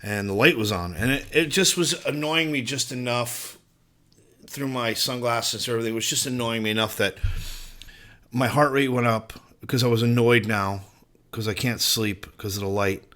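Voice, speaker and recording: A male podcast host with a bright, forceful voice tells a casual story. He rambles and swears freely, and his delivery stays lively and unscripted. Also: medium pitch, moderate pace. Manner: profane, rambling, animated storyteller.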